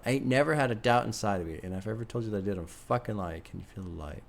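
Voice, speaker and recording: A man streaming a first-listen album reaction, chatty and excitable, swearing freely as he thinks out loud to his chat. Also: lowish voice, racing, vocal fry, few pauses. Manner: excitable, profane, chatty, laughs often.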